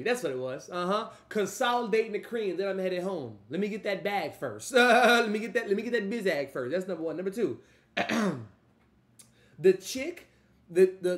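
Man, loose reaction talk. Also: sits high. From Louisiana. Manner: animated, loose and profane, trails off and restarts. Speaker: music reaction host. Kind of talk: casual reaction commentary. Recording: echoey room.

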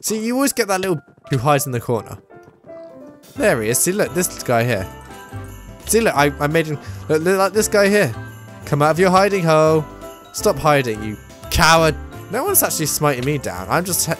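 A gamer giving excitable, self-mocking commentary on a let's play. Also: medium pitch, brisk, soft background music. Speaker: gaming YouTuber.

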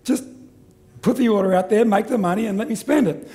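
A middle-aged man giving a live seminar talk, energetic and joking as he quizzes the audience. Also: high voice, a little fast. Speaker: seminar presenter.

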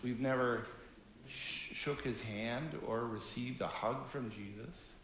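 A man in his fifties, a pastor from Canada, giving a gentle, conversational children's message during a church service. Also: mid-range voice, takes it slowly, roomy sound. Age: 50s. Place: church sanctuary.

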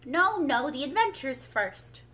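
A woman's voice: sits high, expressive, sharp tone, pitched above the performer's own voice, exaggerated voice. Woman doing an impatient Gryphon. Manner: brisk, impatient. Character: impatient, solemn Gryphon creature.

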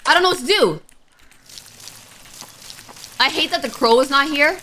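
A young woman chatting through a game as she plays, bright and lively, her pitch leaping around as she startles and squeals. Her voice sits a little high, with a faint hiss of noise underneath. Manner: jumpy and excitable, quick to panic and squeal. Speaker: gaming YouTuber. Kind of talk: let's-play commentary.

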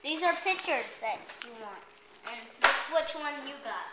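High-voiced woman in an echoey room. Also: expressive, normal speed. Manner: chatty, explaining pictures. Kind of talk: casual chat. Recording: echoey room, clear background noise.

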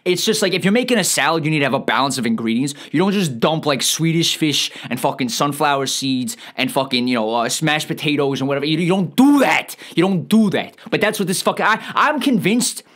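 A man's voice: a little high, expressive, fast talker, hardly any pauses, a bit bright. A man delivering a comedic movie rant, rambling and exasperated, full of profanity. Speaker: comedic ranting reviewer.

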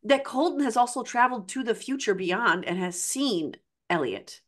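A middle-aged woman co-hosting a casual fan podcast, animated and acting out characters' lines as she talks. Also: a little high, normal speed. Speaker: podcast co-host.

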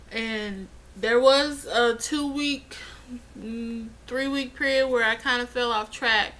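A woman's voice: a little high, sharp tone, slight background noise, rough recording. A young woman chatting casually in a vlog, rambling and getting heated as she retells events. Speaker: vlogger.

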